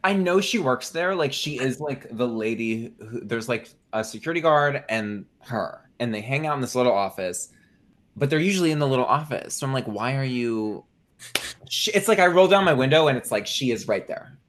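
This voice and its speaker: Sassy young man with a lively voice. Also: medium pitch, a little fast. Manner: sassy, campy banter, calls people girl, swears. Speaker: podcast co-host. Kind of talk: casual chat.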